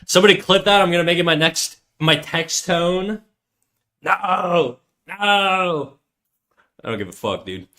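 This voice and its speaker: A man streams himself drawing and talks casually to his viewers the whole time. His voice is bright and forceful and sits a little high. He jokes around and plays stubborn when his chat argues with him. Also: sing-song, fairly quick, few pauses. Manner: joking, mock-defiant banter with chat. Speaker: livestreamer drawing while chatting.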